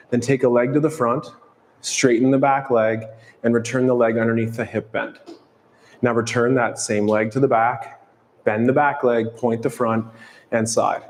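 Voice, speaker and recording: A man leads a barre workout with steady, calm cues and counts. His voice carries a long reverb from the studio space. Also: mid-range voice. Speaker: fitness instructor. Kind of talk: follow-along workout cueing.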